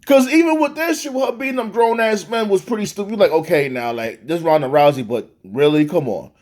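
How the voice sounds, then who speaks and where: A man with a high, light voice rants about a wrestling match, swearing freely and sounding exasperated. He talks in a loose, animated way and often stops to restart his sentences. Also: fairly quick. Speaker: wrestling reviewer. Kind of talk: profane ranting review.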